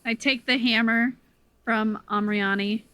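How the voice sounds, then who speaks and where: A woman plays a tabletop game, describing her character's actions in a lively, bright voice. Her tone is smooth, and the sound is dry and close. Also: fairly high pitch, unhurried, no room sound. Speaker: player. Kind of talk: casual tabletop play.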